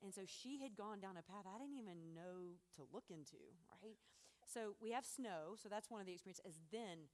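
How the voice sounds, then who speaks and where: A middle-aged woman telling a family story to an audience, animated and laughing often, acting out what others said. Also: mid-range voice, moderate pace.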